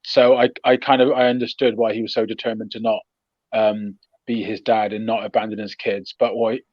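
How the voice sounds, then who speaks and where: A man's voice: fairly low pitch, flat delivery, brisk, dry recording. A thoughtful man chats casually as a podcast co-host, laughing easily between points. His voice comes through dry, with no room around it. The sound is slightly dull and lo-fi. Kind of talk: casual chat.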